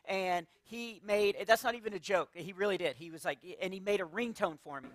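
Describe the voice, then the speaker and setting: On a church stage in front of a laughing crowd, a man does stand-up, animatedly telling stories, acting out characters, and cracking himself up. His voice is high-pitched and a bit bright, and he talks a little fast.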